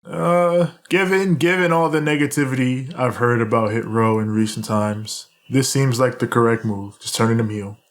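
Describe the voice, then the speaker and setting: A man's voice: mid-range voice, moderate pace, hardly any pauses. Male podcast co-host, casual, laughs a lot, acts out quoted lines while recapping. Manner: laughs often, animated retelling with quoted lines.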